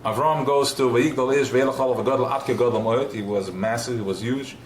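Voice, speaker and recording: A man's voice: mid-range voice, a little fast, a little hiss or hum. Guy giving a live chassidic class, passionate, keeps circling back, echoey room. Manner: passionate, repetitive, asks himself questions. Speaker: Chassidic teacher.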